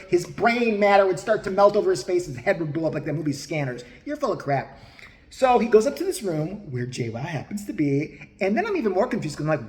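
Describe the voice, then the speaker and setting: A man's voice: on the high side, sing-song, fairly quick, a little mellow. A man giving crude, mocking comedic commentary in a profane ranting style. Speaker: host. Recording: roomy echo.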